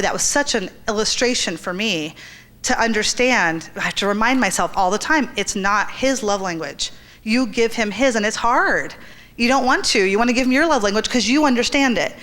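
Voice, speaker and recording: A woman's voice: mid-range voice, fairly bright tone. A middle-aged woman giving an earnest church talk to women, telling stories and acting out the quotes. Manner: earnest, storytelling, acts out quotes. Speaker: women's ministry speaker.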